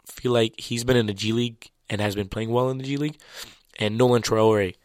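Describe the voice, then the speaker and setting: A man's voice: mid-range voice, steady tone, brisk, no room sound, studio quality. A man whose first language is French, chatting casually about basketball in a loose, slangy way full of restarts. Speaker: basketball commentator. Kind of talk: casual sports talk.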